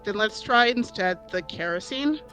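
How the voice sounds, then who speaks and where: A woman's voice: medium pitch, animated, normal speed, a bit bright, faint music behind. A woman co-streaming a game, chatting casually, often laughing and apologizing. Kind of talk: casual chat.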